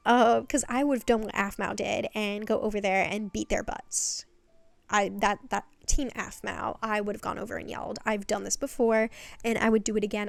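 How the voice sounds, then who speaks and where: A woman's voice: mid-range voice, level tone, normal speed, vocal fry, no room sound. A young woman giving a casual spoken recap, chatty and blunt, swearing freely and firing off rhetorical questions. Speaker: video essayist. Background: faint background music.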